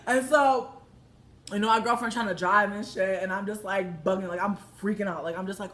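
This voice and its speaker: A young woman telling a story in a casual, profane, animated way, breaking into loud exclamations. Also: medium pitch, brisk.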